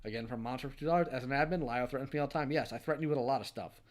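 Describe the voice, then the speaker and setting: Working through his viewers' donation messages in turn, a young streamer host reads each aloud in a middle-range voice and fires back short, dry quips.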